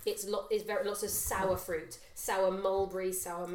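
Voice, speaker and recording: A woman co-hosts a relaxed wine-tasting chat, teasing and playful in her banter. Her voice sits at an ordinary middle pitch. The room around her is echoey, with a faint hiss underneath. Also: moderate pace. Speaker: podcast co-host.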